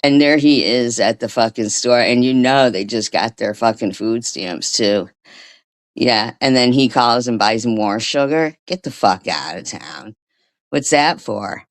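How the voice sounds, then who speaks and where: A woman's voice: a bass voice, a little slow. A woman hosting a livestream, ranting casually and profanely with frequent restarts. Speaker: livestream host.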